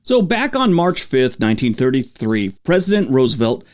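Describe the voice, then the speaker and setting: A man's voice: medium pitch, big pitch swings, normal speed. A man hosting a daily history podcast, reading dates and adding casual, conversational asides. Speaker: podcast host.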